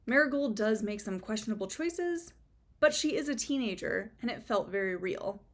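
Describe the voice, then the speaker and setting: A woman's voice: a little high, lively intonation, normal speed. A young woman giving a casual, chatty book review, with sarcastic asides and frequent fillers.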